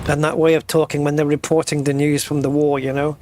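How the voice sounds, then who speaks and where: A man's voice: a little high, flat delivery, brisk, few pauses, a little mellow, slight background noise. A man streaming a flight simulator, chatting casually with viewers while flying. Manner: chatty, reads and answers chat while flying. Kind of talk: casual live-stream chat over gameplay.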